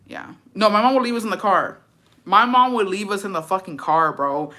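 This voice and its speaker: A woman vlogger with a bright, ringing tone, reading out viewer comments and reacting to each one. She talks in a blunt, slangy way, swearing freely as she tells animated stories. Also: medium pitch, a little fast. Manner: animated storytelling.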